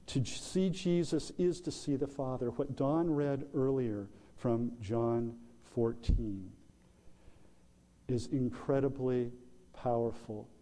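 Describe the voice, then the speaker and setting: A man preaching a sermon as pastor, slow and deliberate, with emphatic pauses. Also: medium pitch, mellow. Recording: long hall reverb.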